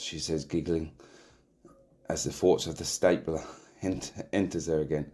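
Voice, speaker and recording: A man hosting and narrating a comic erotic audio story in a deadpan way, sometimes stumbling over words and laughing. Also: rumbling low, moderate pace. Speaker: narrator and host.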